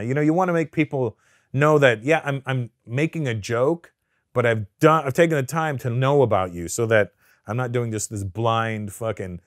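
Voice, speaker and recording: A middle-aged man from Canada, a comedian guest in a casual interview, telling animated, profane stories full of quoted voices. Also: mid-range voice, no echo, studio quality.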